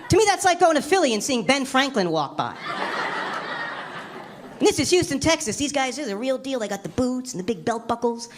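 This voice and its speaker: A woman's voice: fairly high pitch, noisy background. Wry woman comic on a club stage. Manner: wry, animated, jumps into squealing voices for quoted people. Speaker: stand-up comedian. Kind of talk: stand-up comedy set. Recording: live club recording with crowd laughter. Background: audience laughing.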